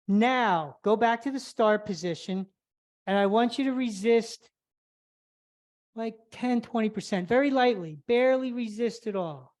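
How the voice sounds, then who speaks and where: Her voice sits on the high side with a darkish tone as this flexibility instructor, slightly out of breath, cues each movement of her live online stretching class in turn.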